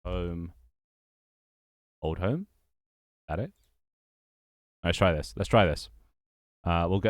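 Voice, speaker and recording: A young man who streams and develops games chats casually on a livestream, rambling and repeating phrases as he greets viewers. His voice sits low with big pitch swings, and he speaks slowly with frequent pauses. The studio-quality recording has no echo.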